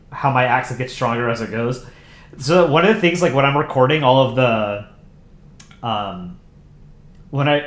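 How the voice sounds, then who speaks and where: A man's voice: mid-range voice, a bit bright, echoey room. A man hosting a livestream, chatting in a rambling way with lots of fillers and little laughs. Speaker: livestream host. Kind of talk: casual livestream commentary.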